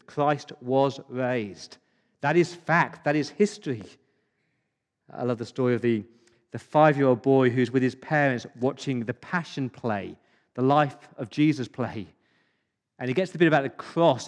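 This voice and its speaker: Emphatic preacher in a reverberant hall. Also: male voice, mid-range voice. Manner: emphatic preaching with rhetorical questions. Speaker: pastor. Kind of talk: sermon.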